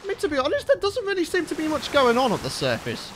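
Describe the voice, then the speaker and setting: High bright-voiced jittery gamer. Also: male voice, wildly swooping pitch, fast talker, a little hiss or hum. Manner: jittery, exclaims and repeats himself when scared. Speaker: gaming channel host. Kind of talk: let's play commentary.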